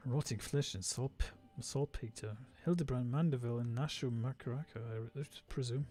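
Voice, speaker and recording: A smug rival inspector from a game speaks with a Spanish accent, dropping low and sneering at amateurs, as a man puts him on. He sounds self-assured and cold. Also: normal speed, mellow, close to an everyday voice.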